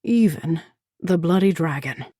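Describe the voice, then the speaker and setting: A woman voicing a gruff but tender barbarian man, speaking in a low, roughened, earnest way. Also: expressive, unhurried, warm tone, no room sound, studio quality.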